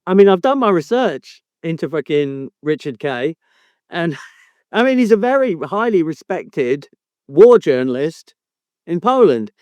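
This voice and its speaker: A man hosting a podcast with a high, bouncy voice that swings all over the place. He ribs his co-host in mock outrage and swears freely. The sound is dry and close to the mic. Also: very animated, unhurried, darkish tone, no echo. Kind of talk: casual podcast banter.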